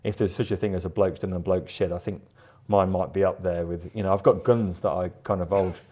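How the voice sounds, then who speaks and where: Give me a middle-aged man with a lowish voice, chatting casually and rambling. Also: steady tone, fairly quick, dark tone. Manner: rambling, chatty, laughs often, repeats words. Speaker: guest artist. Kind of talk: casual interview chat.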